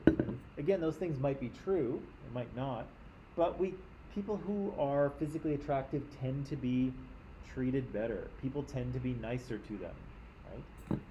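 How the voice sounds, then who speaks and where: A man's voice: medium pitch, mellow, a little hiss or hum, low-quality recording. A man from Canada, teaching a class in a conversational lecture and often checking in with his listeners.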